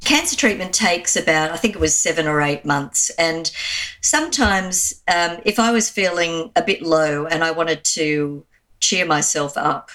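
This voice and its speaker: A woman with a low voice speaks a little slowly. She's an Australian Anglican minister telling a personal story in an interview, warm and anecdotal, with lots of fillers.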